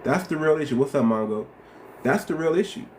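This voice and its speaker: A man's voice: fairly high pitch, expressive, brisk, slight background noise. Impassioned man ranting. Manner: impassioned, repetitive, rhetorical questions. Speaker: host. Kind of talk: casual livestream commentary.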